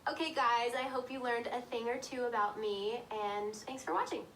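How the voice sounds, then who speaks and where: A woman's voice: a little high, normal speed, a bit bright. A young woman from Tennessee with a neutral accent, answering interview questions about herself in a breezy, self-deprecating way. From Tennessee, US South. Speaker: interviewed actress. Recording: distant clip audio, faint hiss.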